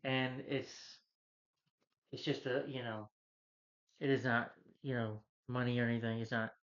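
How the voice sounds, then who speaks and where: A man's voice: medium pitch, little pitch movement, a little slow, a bit bright. Rambling young man recapping a movie. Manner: rambling, heavy on "you know" fillers, acts out quotes. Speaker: movie reviewer. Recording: slightly dull lo-fi recording.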